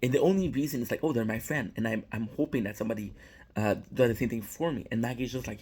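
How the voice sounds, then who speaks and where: A man's voice: mid-range voice, quick pace, mellow, slightly rough. A young man giving a casual, rambling recap of a TV episode, swearing freely and often restarting his sentences. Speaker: show reviewer.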